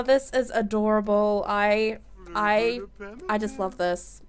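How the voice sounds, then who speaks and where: A woman hosting a let's play, chatting casually and gushing with excitement as she plays. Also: mid-range voice, slow pace. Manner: gushing, excitable, exclaims often. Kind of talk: casual game commentary.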